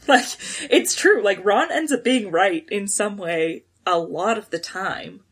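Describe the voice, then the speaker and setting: A woman co-hosting a podcast, chatting casually and reading listener comments aloud, quick and excitable. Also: mid-range voice, breathy edge. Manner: quick, excitable, laughs often. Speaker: podcast co-host.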